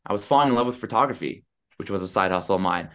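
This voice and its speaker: A man's voice: on the low side, very fast. Chatty man telling a story. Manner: animated, chatty, lots of "I'm like". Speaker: podcast guest. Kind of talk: casual storytelling.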